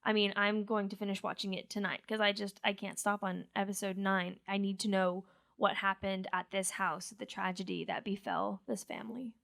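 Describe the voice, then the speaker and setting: A woman's voice: medium pitch, little pitch movement, normal speed, vocal fry, fairly bright tone. A woman co-hosting a podcast, chatting casually and gushing eagerly about a show she can't stop watching. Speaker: podcast co-host. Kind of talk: casual chat.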